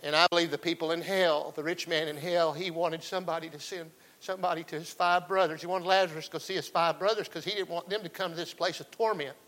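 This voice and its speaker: A man's voice: fairly high pitch, steady tone, fast, hardly any pauses, fairly bright tone, low-quality recording. A man preaching a folksy sermon, calling out to the congregation. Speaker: pastor.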